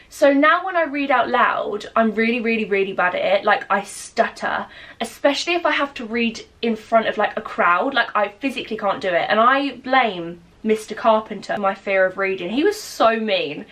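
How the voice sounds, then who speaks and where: Excitable woman, slightly husky. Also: a little high. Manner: gushing, excitable, self-deprecating. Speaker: lifestyle vlogger. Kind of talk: casual chatty haul vlog. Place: at home.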